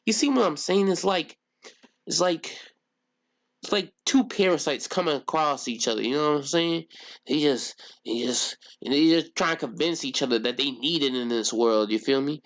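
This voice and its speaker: A man's voice: fairly high pitch, normal speed. A man streaming live and talking to his chat in a ranting, incredulous way, full of rhetorical questions.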